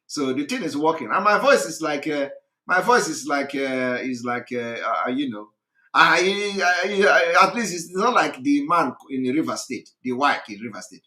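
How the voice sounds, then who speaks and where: A hoarse man, hosting a live address, talking repetitively with laughs and emphasis. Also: a little high, animated, normal speed, sharp tone, reverberant. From Nigeria. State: hoarse, recovering voice. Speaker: host of a live broadcast.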